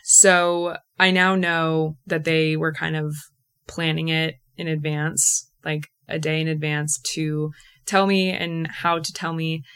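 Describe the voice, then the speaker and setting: This young podcast host takes her time telling a personal story, her voice sitting low with little pitch movement. The tone is fairly bright and clean, and her chatty, emotional delivery is full of "like."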